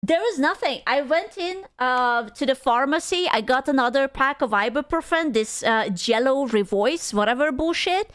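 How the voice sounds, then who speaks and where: A young woman streamer telling a story casually to her chat, animated, laughing often and swearing freely. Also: high voice, moderate pace, hardly any pauses, dry recording, studio quality. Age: young adult.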